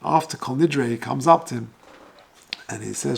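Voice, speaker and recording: A man's voice: mid-range voice, a little slow, gravelly, long pauses, fairly bright tone, a little hiss or hum. A man, a rabbi, telling a moving story as a sermon in an earnest way. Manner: earnest, builds intensity at emotional moments.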